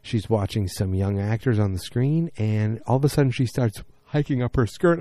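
A man's voice: fairly low pitch, moderate pace, few pauses, mellow, no room sound. A tired man recapping a TV episode late at night in a casual, rambling way, full of fillers and restarts.

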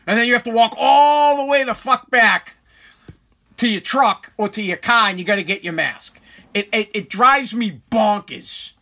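A man's voice: high-pitched, moderate pace, pushed and bright. A middle-aged man, hosting a casual comedic monologue, rambling and self-mocking with frequent swearing. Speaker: radio show host.

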